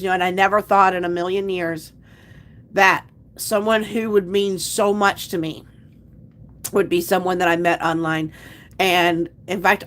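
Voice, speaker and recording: A woman's voice: lowish voice, a bit bright. A woman hosts a casual livestream, chatting loosely with viewers and reading out their comments. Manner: chatty, rambling, restarts sentences. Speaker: livestream host.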